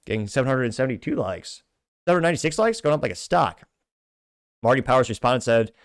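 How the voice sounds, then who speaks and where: A man's voice: medium pitch, dry recording, clean studio sound. A man hosting a casual commentary show, reading out comments with wry, joking asides. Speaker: host.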